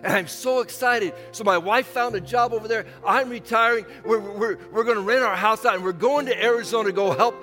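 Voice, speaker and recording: A pastor in his fifties preaches in a church sanctuary, his voice pitched high for a man. He is animated and acts out little bits of dialogue in sudden bursts. The long reverb of the hall carries his words, with faint music underneath. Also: fairly quick, few pauses. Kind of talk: sermon.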